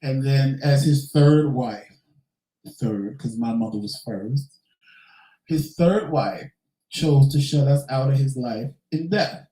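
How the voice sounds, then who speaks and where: A man's voice: mid-range voice, slow, dark tone, echoey room, low-quality recording. A man hosting a casual question-and-answer vlog, talking candidly and swearing now and then. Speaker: vlogger host. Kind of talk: casual Q&A chat.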